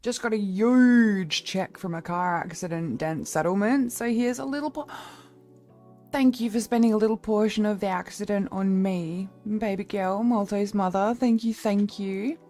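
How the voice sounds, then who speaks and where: A woman's voice: medium pitch, unhurried, dark tone, faint music behind. Playful, swearing Australian woman streamer. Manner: playful, swears freely, laughs often. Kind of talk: casual livestream chat.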